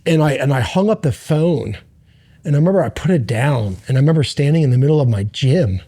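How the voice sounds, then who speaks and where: Earnest man with a mellow voice. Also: mid-range voice, expressive. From United States. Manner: earnest, halting, many restarts and fillers. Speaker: podcast guest. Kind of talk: candid personal storytelling.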